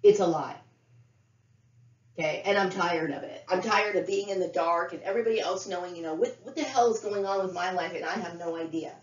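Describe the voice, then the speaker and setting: A middle-aged woman speaking in a fairly low voice, ranting bluntly and profanely and circling back to the same points. Her words ring around a roomy space. The sound is dull and lo-fi. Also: fast, hardly any pauses. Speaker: vlogger. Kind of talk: unscripted monologue to camera.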